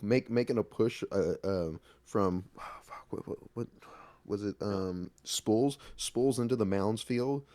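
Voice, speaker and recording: A man co-hosting a podcast, talking casually in halting, rambling bursts. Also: fairly low pitch, mellow, no echo. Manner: rambling, halting, laughs often. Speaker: podcast co-host. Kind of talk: casual chat.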